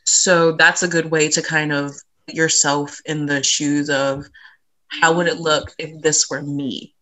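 A woman's voice: sits low, little pitch movement, a little slow, fairly bright tone, poor audio. A woman co-hosting a podcast over a video call, rambling and giggly, correcting herself as she goes. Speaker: podcast co-host. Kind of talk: casual podcast chat.

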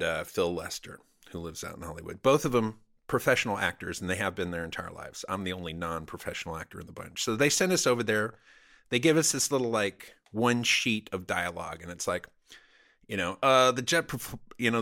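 A man telling a story casually as a podcast guest, animated and profane, laughing often. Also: lowish voice.

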